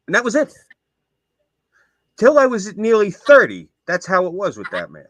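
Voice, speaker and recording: A man's voice: sits high, huge pitch swings, moderate pace, long pauses, fairly bright tone, no room sound. A man co-hosting a casual stream, telling rambling anecdotes. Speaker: stream co-host. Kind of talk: casual stream chat, storytelling. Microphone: desk mic on a stream.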